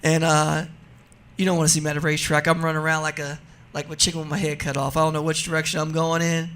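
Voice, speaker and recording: A man in his forties from New Jersey, a radio interview guest telling funny stories in a lively, laughing way. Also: a little high, fast, smooth. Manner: animated, laughing storyteller. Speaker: guest, drag racer. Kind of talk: casual radio interview storytelling.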